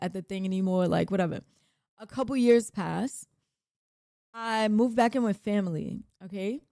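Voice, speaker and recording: This is a woman from New York with a matching accent, spinning a rambling, swear-filled story as a streamer. Her voice sits a little higher than most. She gets animated and punches up the lines she quotes, and the sound is dry, with almost no room around it. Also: dry recording. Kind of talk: casual storytelling.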